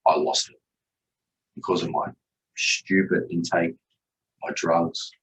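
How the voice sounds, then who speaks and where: A man's voice: sits low, level tone, slow, a bit bright, recorded from a distance, rough recording. A man, a podcast guest telling his own story candidly and bluntly, swearing freely. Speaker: podcast guest, chef and father.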